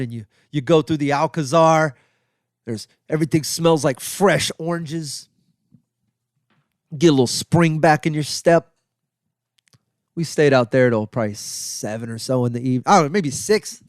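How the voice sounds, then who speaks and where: A man telling a long travel story as a comedian and podcast host, in a loose, animated way. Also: on the high side, no room sound, clean studio sound.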